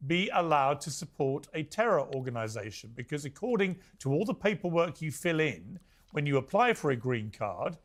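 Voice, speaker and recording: A man's voice: a little high, very animated, normal speed. A male talk show host moderating a heated debate, cutting in to press a guest with pointed questions.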